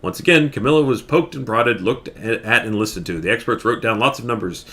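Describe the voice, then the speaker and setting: A man reading a children's picture book aloud on a stream, animated, with joking asides. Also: medium pitch, brisk.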